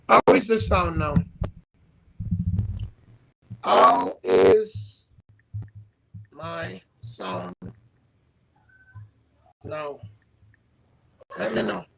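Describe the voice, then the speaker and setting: A man hosting a livestream who talks in a halting, repetitive way and keeps asking his audience questions. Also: high voice, vocal fry, a bit bright, slight background noise, poor audio. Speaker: livestream host. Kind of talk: casual livestream chat. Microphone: livestream setup.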